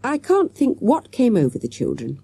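A woman's voice: a little high, huge pitch swings, moderate pace, creaky, warm tone, slightly rough, no room sound, pitched above the performer's own voice, full character voice. Woman doing a stern male schoolteacher. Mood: apologetic.

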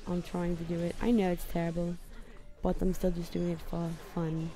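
A young woman chats over a match in a deliberately put-on London accent, rambling and poking fun at herself. Her voice sits low for a woman and has a mellow, soft tone. She is recording casual gameplay commentary from her bedroom. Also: completely flat delivery, faint music behind. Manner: rambling, self-deprecating. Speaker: gamer.

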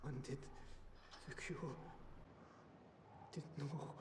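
An actor playing a male game hero, quiet and urgent while tending to a dying ally. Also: fairly high pitch, fairly even intonation, drawn-out words, background noise. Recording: game audio, roomy with music.

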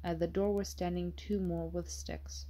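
A woman narrating an audiobook with a steady, measured reading. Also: fairly low pitch.

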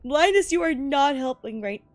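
A woman's voice: high voice, moderate pace, no room sound. A woman streaming a game live, chatting jokily and laughing often, easily spooked into yelps. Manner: excitable, jokey, laughs often. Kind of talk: live gameplay commentary.

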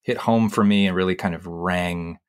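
A man's voice: sits low, steady tone, normal speed, smooth. A middle-aged man hosting a podcast in casual chat, telling stories and joking. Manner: chatty, storytelling, joking. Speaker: podcast host.

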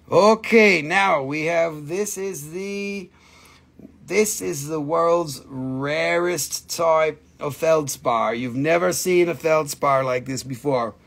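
A man running a live mineral sale. He talks slowly in a gravelly, husky voice that sits a little high for a man. His chat is loose and playful, and he banters with his dogs as he goes. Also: fairly bright tone. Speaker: host selling minerals on a live stream. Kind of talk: casual live sales chat.

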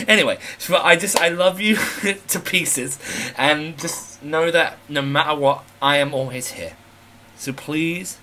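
Man friend, bright voice, cheeky and affectionate, casual swearing in a personal video message. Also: medium pitch, slight background noise. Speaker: friend recording a support message.

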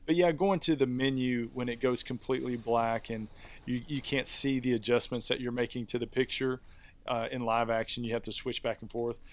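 A man's voice: mid-range voice, steady tone, moderate pace. A man co-hosting a review podcast, talking in an easygoing, rambling way with many fillers. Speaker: podcast co-host. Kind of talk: casual review chat.

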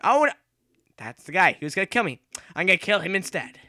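A young man commentating his own gameplay, excitable and rambling, yelling and repeating himself as he plays. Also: high voice, fast, no room sound, clean studio sound. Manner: excitable, yells and shrieks when playing. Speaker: gaming YouTuber.

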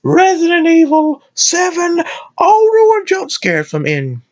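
A man giving casual let's-play commentary on a horror game, excitable and prone to yelping and shouting at the screen. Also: extremely high pitch, takes it slowly, highs cut off. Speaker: gameplay commentator.

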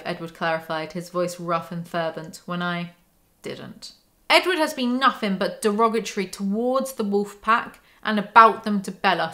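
A woman's voice: medium pitch, a bit bright. A woman with a mid-range voice reads aloud from a novel, then cuts in with dry, sarcastic asides. Her commentary is mocking and conversational, like a YouTuber tearing apart a book.

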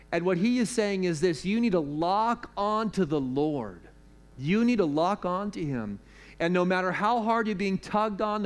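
A man preaching a sermon at a church worship service, talking in a conversational way, with jokes and questions to the congregation. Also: a little high. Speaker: pastor.

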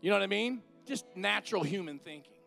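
Man, middle-aged, guest preacher, high pitch, fervent altar call, soft music behind. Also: expressive, quick pace, vocal fry. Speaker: guest minister.

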